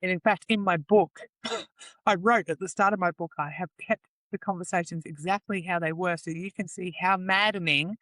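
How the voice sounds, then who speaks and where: A woman with a lowish, somewhat bright voice speaks at a moderate pace in a recording with no echo. As an interview guest, she tells her story rawly and emotionally, swearing freely and acting out what others said.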